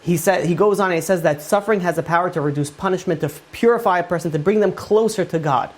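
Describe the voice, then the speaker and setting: A man's voice: sits high, fast talker. A man, a rabbi, giving an informal Torah class, retelling Talmud stories in a conversational way with many fillers.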